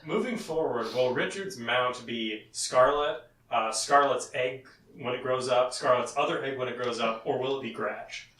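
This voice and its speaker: A man's voice: mid-range voice, moderate pace, fairly bright tone. A man in the audience casually asking a question, thinking aloud. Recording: distant mic in an echoey room.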